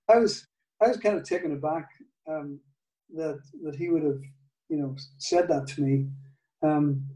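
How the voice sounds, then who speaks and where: An older man with a Northern Irish accent, telling a story in an interview, halting, with many restarts and soft laughs. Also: on the high side, far from the mic. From Northern Ireland. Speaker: guitar maker, guest. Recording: echoey room, off-mic.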